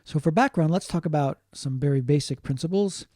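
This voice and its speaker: Male lecturer, mellow tone, patient and repetitive delivery, dry close sound. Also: a little high, dry recording. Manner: explains slowly, repeating points and adding Japanese glosses. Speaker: linguistics teacher. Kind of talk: online lecture.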